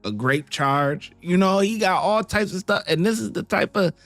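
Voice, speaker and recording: A man's voice: high voice, animated, normal speed, fairly bright tone, dry recording. A man hosting a reaction channel, giving blunt, loose commentary that trips over its words. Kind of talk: casual video commentary.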